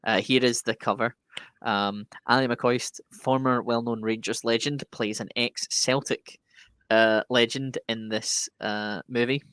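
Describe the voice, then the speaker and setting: Brief: male podcast co-host, jokey and excitable, casual sports talk, dead-dry sound. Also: mid-range voice, clear, resonant tone, dry recording. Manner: enthusiastic, quick to joke.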